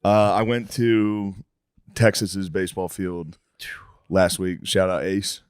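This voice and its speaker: A man's voice: low voice, flat delivery, takes it slowly, clean tone, no echo, studio quality. A man co-hosting a comedy podcast, teasing his co-host bluntly and swearing in casual chat.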